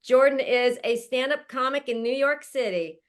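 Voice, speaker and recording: A woman with a high-sitting voice speaks at a normal pace, hosting an online panel from home with her mother nearby. She introduces each guest in an effusive, chatty manner and laughs often.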